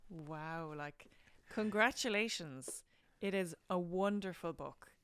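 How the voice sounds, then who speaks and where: Low, smooth-voiced Irish woman host. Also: takes it slowly. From Ireland. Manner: warm, effusive thanks, relaxed. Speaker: podcast host, actor. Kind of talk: casual interview chat.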